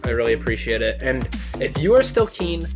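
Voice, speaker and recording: A man's voice: mid-range voice, big pitch swings, brisk, music in the background. Man co-hosting a word podcast. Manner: reads word definitions with playful asides. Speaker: podcast co-host. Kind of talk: casual podcast chat.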